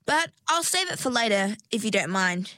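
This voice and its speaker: A woman voicing a timid young mergirl who speaks hesitantly in a higher, softer voice. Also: sing-song, moderate pace, no echo.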